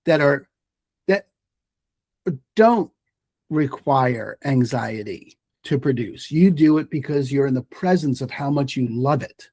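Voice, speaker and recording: A man's voice: mid-range voice, animated, unhurried, a little mellow, breathy edge, dry recording. A man speaking as a guest on a podcast interview, an emphatic mindfulness teacher who makes his points through stories. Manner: emphatic, storytelling, repeats phrases for effect.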